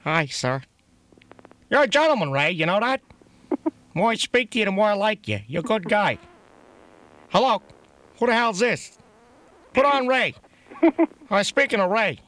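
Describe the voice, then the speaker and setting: A man's voice: sits high, sing-song, unhurried, long pauses, fairly bright tone. A man making a prank phone call, talking crudely and rambling, full of profanity and chuckles. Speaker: prank caller.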